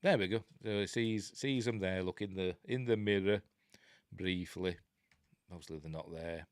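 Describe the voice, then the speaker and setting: A man's voice: low voice, moderate pace, clear, resonant tone, no echo, studio quality. A middle-aged man with a Yorkshire accent, hosting a casual live film commentary with chatty, sarcastic asides. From Yorkshire, England. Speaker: film review host.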